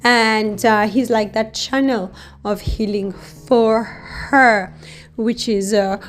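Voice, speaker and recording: A woman hosting an astrology channel, explaining a couple's chart in an unhurried way, often adding "you know" and "right?" as she talks. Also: a little high, fairly even intonation. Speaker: astrologer host. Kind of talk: explanatory astrology reading to camera.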